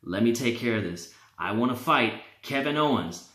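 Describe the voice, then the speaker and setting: A man voicing a male demon who quietly coaxes and tempts. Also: mid-range voice, animated, normal speed, reverberant, close to an everyday voice. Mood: coaxing. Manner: hushed, coaxing.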